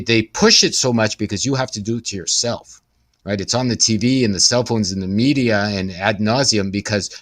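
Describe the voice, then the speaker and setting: A man's voice: lowish voice, fairly bright tone. A man interviewing a guest, talking in a rambling, emphatic way with many asides. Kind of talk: casual conversational talk.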